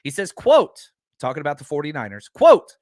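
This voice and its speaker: A man hosting a live podcast, talking fast and excitedly with lots of fillers, rambling from one point to the next. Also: fairly high pitch, dry recording, studio quality. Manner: enthusiastic, rambling with many fillers. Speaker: podcast host. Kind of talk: live-stream podcast chat.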